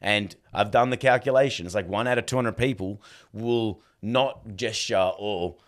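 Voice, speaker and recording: A man with a voice on the low side talks at a normal speed. Guesting on a podcast, this dog trainer chats casually and tells lively stories, voicing the dialogue he quotes.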